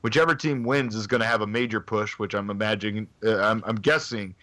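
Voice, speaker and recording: A man's voice: on the low side, fairly even intonation, a little fast, sharp tone. A man co-hosting a casual podcast, talking eagerly in long runs of thought. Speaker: podcast co-host. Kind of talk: casual chat about wrestling.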